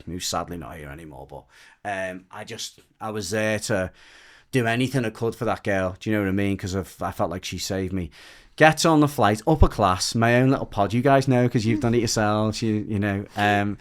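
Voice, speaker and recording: British male guest, low voice, casual rambling storyteller, emotional retelling. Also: fairly quick. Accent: British English. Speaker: podcast guest.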